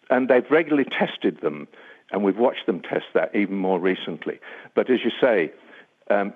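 Older man, deep voice on a tinny phone line. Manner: measured, grave, with frequent um and uh. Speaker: defence analyst guest. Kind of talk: radio interview answers.

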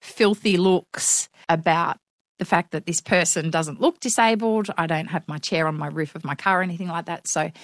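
A middle-aged woman speaks in a slightly low voice, recorded close and dry. She tells stories with frank, wry humour, slipping into other people's voices as she quotes them. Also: normal speed, no echo. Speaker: interview guest. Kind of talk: conversational interview.

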